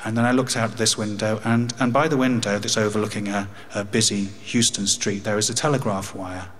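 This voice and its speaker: A man's voice: fairly low pitch, fairly even intonation, fairly quick, a bit bright, slight background noise. An English man in his fifties telling a personal story, with wry humour and grief. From England. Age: 50s. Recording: long hall reverb.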